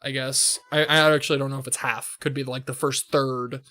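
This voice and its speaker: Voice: mid-range voice, little pitch movement, brisk, pushed and bright. A streamer giving loose, joking commentary over a game, swearing freely. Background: game music.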